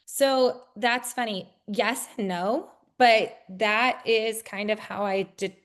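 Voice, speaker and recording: A woman who works in real estate speaks slowly in a casual interview, her fairly bright voice holding fairly even intonation. She uses lots of fillers and acts out bubbly, high-pitched greetings.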